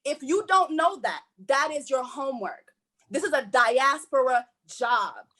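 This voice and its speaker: A woman's voice: high-pitched, lively intonation, measured pace, pushed and bright. A woman from Haiti speaking on a panel, emphatic and blunt, swearing freely as she makes her points. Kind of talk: impassioned panel talk.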